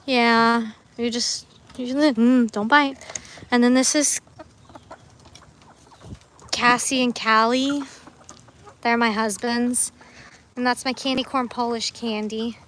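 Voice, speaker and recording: A woman's voice: a little high, steady tone, slow, pauses often, fairly bright tone, slight background noise. A young woman livestreaming from her farm, chatting casually and rambling as she breaks off to talk to her animals. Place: outdoors on a farm among animals. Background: chickens and a rooster.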